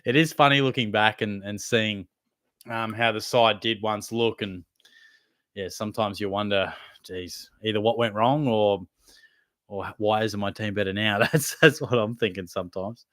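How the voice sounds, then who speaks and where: A man's voice: fairly low pitch, steady tone, moderate pace, a bit bright, no room sound, studio quality. A young man hosting a casual live Q&A, reading out viewers' questions and answering them in a laid-back, matey way. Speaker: livestream host answering chat questions.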